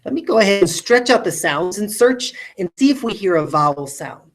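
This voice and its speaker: A woman teaching a recorded phonics lesson to classrooms, slowly stretching out word sounds and checking in with rhetorical questions. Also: mid-range voice, lively intonation, low-quality recording.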